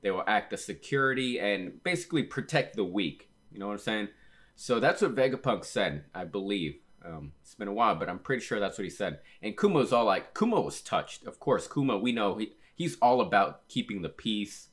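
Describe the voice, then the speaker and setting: A man with a very low voice talks through a comic chapter in a loose, rambling way. He paraphrases scenes with "he was all like" and trips over a word now and then before fixing it. It sounds like a relaxed reaction video host chatting to his viewers. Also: a little fast. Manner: frequent fillers and self-corrections. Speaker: manga reaction channel host. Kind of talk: casual reaction and read-aloud commentary.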